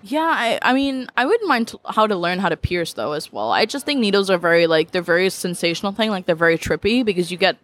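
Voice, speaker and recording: A woman's voice: mid-range voice, animated, fast talker, few pauses, fairly bright tone. A young woman speaking as a podcast guest in casual chat, talking freely with lots of "like" fillers and easy laughter. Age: young adult. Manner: chatty, leans heavily on "like" fillers, laughs easily.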